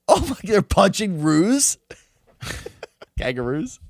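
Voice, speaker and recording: A man's voice: sits high, big pitch swings, takes it slowly, gravelly, no room sound, studio quality. A young man co-hosting a podcast in casual chat, laughing often and swearing freely. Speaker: podcast co-host.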